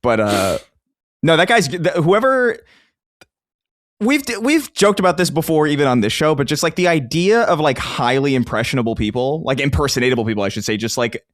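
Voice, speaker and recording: A man co-hosting a video game podcast, rambling along with many fillers and quick laughs. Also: a little high, expressive, dry recording, clean studio sound. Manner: rambling, lots of "like", laughs easily. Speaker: podcast co-host. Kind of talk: casual chat.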